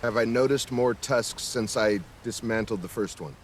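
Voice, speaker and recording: A man states his moves in a tabletop game in a brief, matter-of-fact way. His voice is low-pitched and sounds off-mic. Clear noise runs under the recording. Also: normal speed. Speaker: player. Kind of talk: casual tabletop play.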